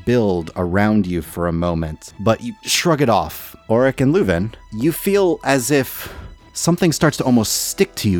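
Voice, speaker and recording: A man narrating as game master of a tabletop role-playing game, with an animated delivery. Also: on the low side, normal speed, faint music behind.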